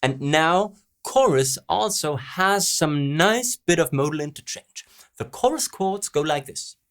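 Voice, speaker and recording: A man's voice: a little high, expressive, unhurried, a bit bright. A man hosting a songwriting lesson, walking through a song's lyrics and chords and sounding out rhythms and stresses. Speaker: host and songwriting teacher. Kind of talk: song analysis lesson.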